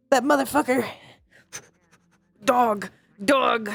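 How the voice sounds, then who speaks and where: A woman's voice: high voice, a little slow, creaky, pauses often, no room sound. A woman streamer in playful VR role-play, silly and giggly, humming sing-song noises.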